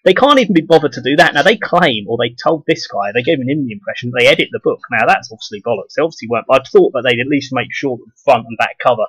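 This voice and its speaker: Husky man ranting bluntly. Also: mid-range voice, expressive, quick pace, hardly any pauses, a bit bright, no room sound, low-quality recording. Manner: blunt, profane, scornful. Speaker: video blogger. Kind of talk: casual ranting monologue to camera.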